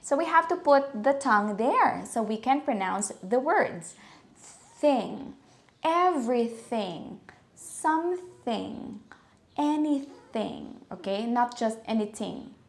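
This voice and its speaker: A woman's voice: a little high, expressive. Chatty Filipino woman teaching pronunciation. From Philippines. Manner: chatty, playful, laughs at own jokes, slows to demonstrate words. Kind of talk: casual video lesson mixing Tagalog and English.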